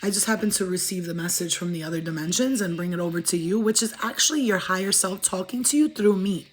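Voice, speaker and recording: A woman chatting casually to livestream viewers as a spiritual reader, fast-talking, profane and emphatic. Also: on the low side.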